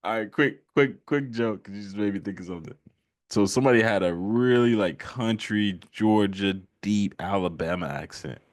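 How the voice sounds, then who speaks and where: A man's voice: lowish voice, moderate pace, no room sound, studio quality. A man hosting a casual live stream chat while painting, laid-back, laughing often and repeating himself. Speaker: livestream host.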